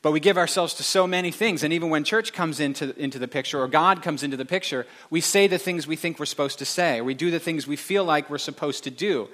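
A man's voice: on the high side, fast talker, few pauses, a bit bright. A middle-aged male pastor giving a casual, rambling sermon with wry asides and self-corrections. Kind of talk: conversational sermon.

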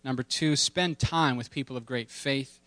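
A man's voice: mid-range voice, normal speed, fairly bright tone, dry recording. A man preaching a sermon in a conversational, humorous way, with playful asides and emphatic repetition. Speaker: pastor.

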